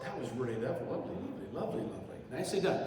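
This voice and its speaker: A choir director leads a rehearsal in a hall, joking with and encouraging the singers as he gives instructions. His mid-range voice races along with big pitch swings. The recording is distant and echoey, with loud piano.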